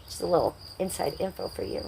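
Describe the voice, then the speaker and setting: A woman with a somewhat low voice hosts a casual livestream. She rambles and confides, talking straight to her viewers. A faint hum of noise sits under her voice. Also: very animated, quick pace, creaky, dark tone, rough recording. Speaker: livestream host.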